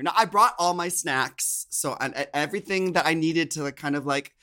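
A man co-hosting a podcast, telling stories in a campy, animated casual way. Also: a little high, moderate pace, few pauses. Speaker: podcast co-host. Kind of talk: casual chat.

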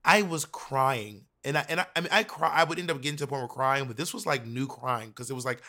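A man telling backstage stories with big, campy energy and plenty of swearing. His voice is bright and forward, and it comes through a remote video call. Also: medium pitch, fast talker. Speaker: drag performer and actor. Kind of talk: casual chat on a video call.

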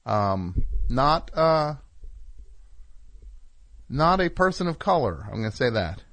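A man's voice: medium pitch, very animated, slow pace, a bit bright. A middle-aged man hosting a call-in radio show, telling rambling, wry, self-deprecating stories and chatting with callers. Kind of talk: casual monologue and call-in chat.

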